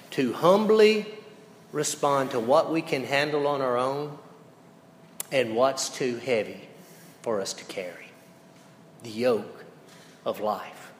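A male pastor preaching a sermon, telling folksy stories and swinging between loud lines and hushed ones. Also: on the high side. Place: church sanctuary. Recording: echoey church hall reverb.

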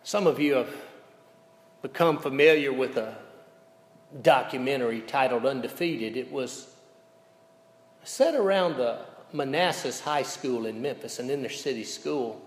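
A man preaching a sermon as pastor, telling a story with big swings between loud and hushed delivery. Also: medium pitch, unhurried, long pauses. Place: church sanctuary. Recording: echoey church hall sound.

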